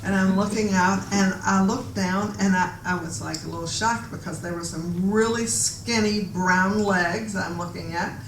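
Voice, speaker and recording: A woman giving a reflective talk about her own experiences to a gathered audience, pausing and restarting as she goes. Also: mid-range voice, fairly even intonation, slight background noise. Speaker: guest speaker. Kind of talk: personal storytelling talk. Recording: echoey room from far off.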